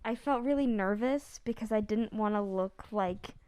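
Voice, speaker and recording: Woman cast member, casual and chatty, smooth clear voice. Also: mid-range voice, moderate pace, a little mellow. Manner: chatty, self-conscious storytelling. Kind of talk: casual chat.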